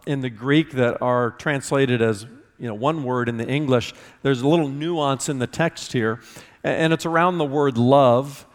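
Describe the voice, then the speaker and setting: Preacher man with a ringing hall echo. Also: mid-range voice. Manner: expository, repeats words when stressing a point. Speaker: pastor. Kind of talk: sermon.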